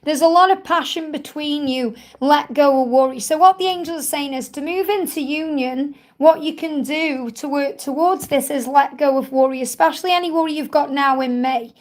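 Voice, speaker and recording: A high, light-voiced woman reads cards live for her viewers. She talks in a gentle, reassuring way and softly calls them honey. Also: moderate pace, hardly any pauses. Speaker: tarot card reader hosting a live Q&A. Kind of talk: live-stream card reading.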